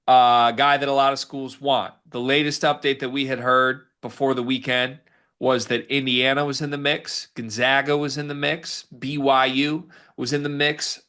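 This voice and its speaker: A man co-hosting a casual sports talk show, animated and lifting his pitch for emphasis. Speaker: sports podcast co-host.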